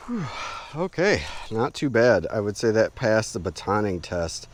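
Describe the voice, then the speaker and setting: A man casually narrating an outdoor knife test, relaxed and rambling with lots of fillers, outdoors in the woods. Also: on the low side, moderate pace. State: a bit out of breath. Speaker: outdoor gear reviewer.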